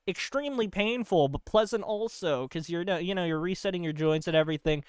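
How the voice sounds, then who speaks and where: A man's voice: sits high, a little fast, clear, resonant tone, no echo, studio quality. A man hosting a comedy podcast, rambling through a goofy monologue with loose filler asides and laughter breaking into his lines. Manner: breaks into laughter mid-line.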